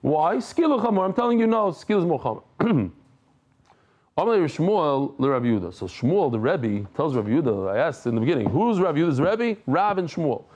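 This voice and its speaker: A man's voice: a little high, big pitch swings, a little fast, a little mellow. A man giving a daily Talmud class in a conversational, humorous way, mixing Hebrew and Aramaic terms into his English. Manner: humorous asides. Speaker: Talmud teacher.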